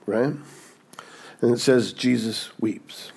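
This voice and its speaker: A man delivering a sermon in an easy, conversational teaching voice that keeps checking in with his listeners. His delivery swings widely, climbing to emphatic, raised peaks and sinking to hushed, low moments. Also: animated, normal speed. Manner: conversational, checks in with "okay?" and "right?". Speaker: pastor.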